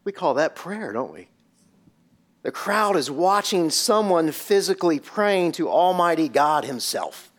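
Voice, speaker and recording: A man's voice: on the high side, sing-song, a little slow, a bit bright. A man preaching a sermon and retelling a scene vividly, with many rhetorical questions. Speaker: pastor.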